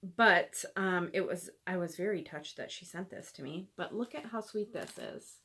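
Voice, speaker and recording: A woman hosting a cross-stitch video, chatting casually and gushing over gifts, with lots of fillers and soft asides. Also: fairly low pitch, moderate pace. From American Midwest. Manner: gushing, chatty, many fillers, drops to near-whispers. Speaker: Flosstube host showing gifts. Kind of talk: casual chat to camera.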